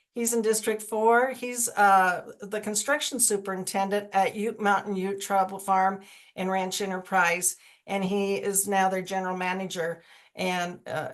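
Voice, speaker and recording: A woman's voice: lowish voice, fairly bright tone. A woman on a video call introducing fellow commission members, talking in a loose, chatty way with many fillers. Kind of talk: virtual public forum, casual introductions.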